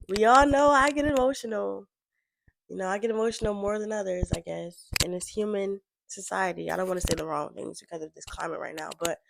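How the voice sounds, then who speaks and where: A woman's voice: mid-range voice, creaky, background noise. Chatty woman reacting to a song. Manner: rambling, frank, full of fillers. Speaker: reaction vlogger. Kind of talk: casual reaction commentary.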